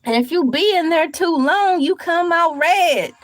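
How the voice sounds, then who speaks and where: Her very high voice has lively intonation, captured in a dry, rough recording. Hosting a casual livestream, she reads a recipe aloud slowly and then rambles on it with playful jokes and asides.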